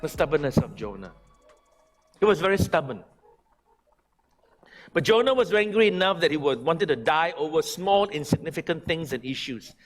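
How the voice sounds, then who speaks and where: A male pastor preaching a sermon, swinging from loud, high emphatic lines to quiet, pleading ones. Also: big pitch swings, moderate pace, pauses often, soft background music. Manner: preaching with big swings from shouting to hushed pleading. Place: church sanctuary.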